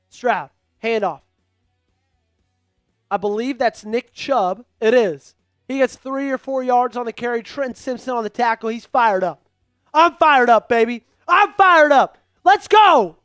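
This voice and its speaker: A man calling a game live for an online fan stream, hyped and pleading with his viewers, rising to shouts at big plays. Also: very high-pitched, dry recording, clean studio sound. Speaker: fan livestream play-by-play host. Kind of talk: excitable live play-by-play commentary.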